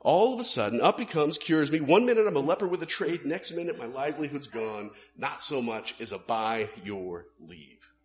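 A man voicing a male ex-leper beggar who complains quickly and indignantly in a raised, put-on voice during a sermon. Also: medium pitch, lively intonation, roomy sound, close to an everyday voice. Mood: aggrieved. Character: whiny male ex-leper beggar, aggrieved and chatty.

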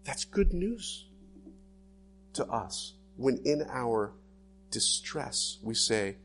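Male pastor, lively sermon delivery, swings up and down in pitch, dramatic asides, faint guitar behind. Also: extremely slow, long pauses. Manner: animated, dramatic voicing of inner thoughts.

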